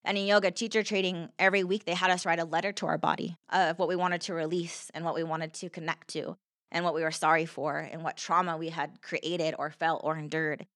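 A woman's voice: low voice, level tone, fairly quick, a bit bright, dry recording, studio quality. A woman telling her personal story as a podcast guest, earnest and heartfelt, with lots of "like" fillers. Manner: earnest, heartfelt, heavy use of "like".

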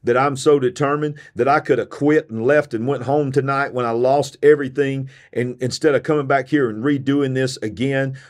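A man's voice: mid-range voice, steady tone, normal speed, few pauses. Fiery tired man preaching on his podcast. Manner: emphatic, repetitive, preachy. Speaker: preacher and show host. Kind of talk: fiery sermon-style podcast.

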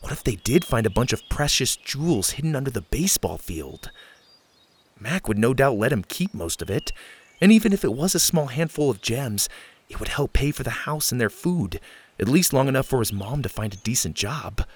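A man narrating a children's story in an expressive, lively reading. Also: mid-range voice, normal speed, husky.

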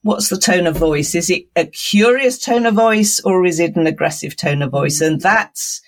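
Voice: medium pitch, normal speed. An expert guest in a conversational interview, explaining at length in a thoughtful, rambling way.

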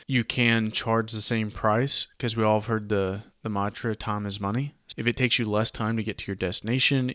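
Bright, clear-voiced Southern man. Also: medium pitch, no echo, studio quality. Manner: conversational, explains with asides. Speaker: podcast host. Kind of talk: casual history podcast narration.

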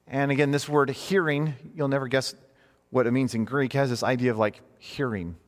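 With a brisk, mid-range, fairly bright voice, a man teaches a class as a preacher in an informal, earnest sermon manner. He frequently rewords his thoughts midway, and the recording carries long hall reverb.

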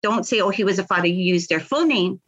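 A woman's voice: medium pitch, lively intonation, fast talker, dull audio. A middle-aged woman, telling her story in an interview, earnest and impassioned, often repeating words. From Hawaii. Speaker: victims' advocate, guest.

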